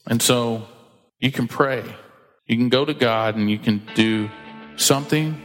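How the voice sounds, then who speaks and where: A man's voice: medium pitch, unhurried, faint music behind. A man preaching a sermon as pastor, emphatic and conversational, acting out quoted voices as he teaches. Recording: long hall reverb.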